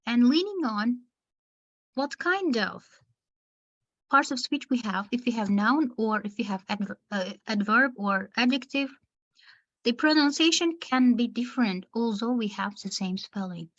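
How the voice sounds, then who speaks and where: A woman teacher trainer giving an online lesson to teachers, speaking slowly and deliberately, pausing between words to show where the stress falls. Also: on the high side, lively intonation, lo-fi sound.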